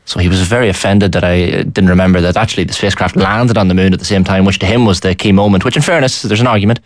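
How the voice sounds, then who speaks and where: A man's voice: sits low, dry recording. A man who is a quiz contestant, telling anecdotes in casual studio banter. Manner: rapid anecdotal storytelling.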